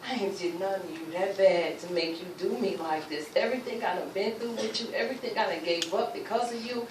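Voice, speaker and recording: A woman's voice: medium pitch, brisk. Woman telling her testimony in an echoey room. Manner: emphatic storytelling, acting out the people she quotes. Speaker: speaker sharing her testimony. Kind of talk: personal testimony at a luncheon. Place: luncheon venue, roomy hall. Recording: echoey room, distant, with noise.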